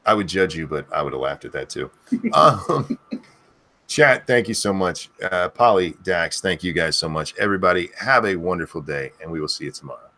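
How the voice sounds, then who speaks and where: A man's voice: low-pitched, lively intonation, normal speed, sharp tone. A man hosting a casual online chat show, loose and rambling, thanking his audience and co-hosts. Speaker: podcast host.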